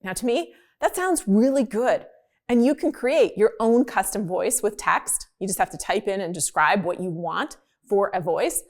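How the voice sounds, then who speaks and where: A woman's voice: mid-range voice, animated, moderate pace. A woman hosting an explainer video, talking in a chatty, upbeat and emphatic way. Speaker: host.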